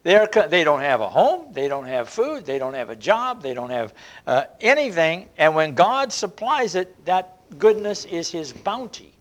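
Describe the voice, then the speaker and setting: Earnest preacher man, slightly high voice. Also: big pitch swings. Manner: earnest, drawn-out emphasis with frequent restarts. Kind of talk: sermon.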